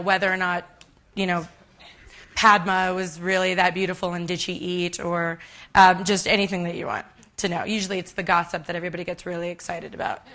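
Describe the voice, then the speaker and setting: A woman's voice: medium pitch, pushed and bright. A woman in her thirties giving a live cooking demonstration on a conference stage, chatty and self-deprecating with many ums. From United States.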